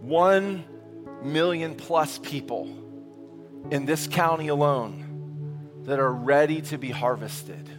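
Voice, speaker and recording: Energetic male pastor, slightly high voice, leading call-and-response, echoing church hall. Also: slow, pauses often, music in the background. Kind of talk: sermon. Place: church sanctuary. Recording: long hall reverb.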